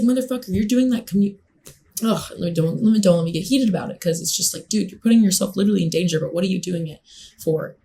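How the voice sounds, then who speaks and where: A woman's voice: lowish voice, mellow. Emphatic, foul-mouthed young woman. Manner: emphatic, profane, passionate. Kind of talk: casual monologue.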